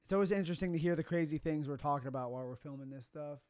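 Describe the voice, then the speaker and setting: A man's voice: on the high side, rapid-fire, darkish tone, clean tone, dry recording. Chatty man explaining a video edit. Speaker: wedding videographer. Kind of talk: casual editing walkthrough. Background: music.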